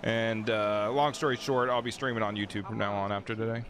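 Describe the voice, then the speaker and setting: A man streaming a video game, swearing and yelling at what happens on screen. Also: lowish voice, fairly quick. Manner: profane, excitable, yells at the game. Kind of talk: live game streaming commentary. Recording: noisy with game sounds behind. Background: game sounds and vehicles.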